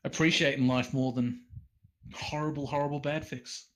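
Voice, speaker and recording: A man, a podcast guest chatting casually and haltingly, with many fillers and restarts. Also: mid-range voice, steady tone, fairly bright tone, poor audio. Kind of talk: casual chat.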